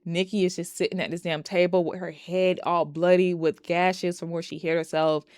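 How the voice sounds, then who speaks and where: Woman doing a casual movie recap, kinda low voice, dry close sound, lots of cussing and asides. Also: moderate pace, clear, resonant tone, no room sound. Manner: chatty, profane, animated, exasperated asides. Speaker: movie reviewer.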